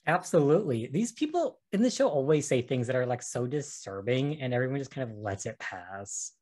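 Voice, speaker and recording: A man's voice: medium pitch, sing-song, fairly quick, darkish tone. A man as guest co-host on a podcast, chatting casually and reacting with brief, puzzled comments.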